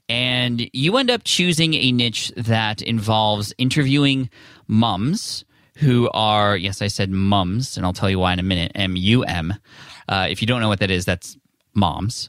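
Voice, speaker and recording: A man's voice: medium pitch, a bit bright, dry recording, studio quality. A man hosting a podcast, reading an ad and introducing a guest in an upbeat, enthusiastic, conversational way. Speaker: podcast host. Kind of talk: casual podcast intro and ad read.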